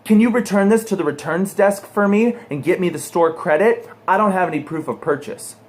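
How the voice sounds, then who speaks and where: A man's voice: sits high, a little fast, close to an everyday voice. A man voicing an indignant, pushy scammer who keeps demanding respect in a retold story. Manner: pushy, aggrieved.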